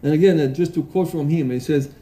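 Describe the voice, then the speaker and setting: High, mellow-voiced male preacher in echoey room. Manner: earnest, halting, with many restarts and fillers; reads quotations aloud with emphasis. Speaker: pastor. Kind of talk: sermon. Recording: roomy echo.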